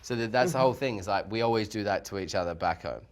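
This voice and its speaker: A man's voice: fairly low pitch, quick pace, noisy background. A young Australian man in casual after-show chat, laid-back, laughing often and swearing freely. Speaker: yacht crew member on a reality-show after show.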